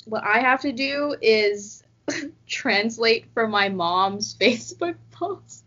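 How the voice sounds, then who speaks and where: A young woman with a bright, lively voice talks in a chatty, giggly way, with plenty of "like" and "you know". The sound is a little dull and lo-fi. Her voice sits slightly high for a woman. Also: slow. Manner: giggly, chatty, lots of fillers. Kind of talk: casual chat.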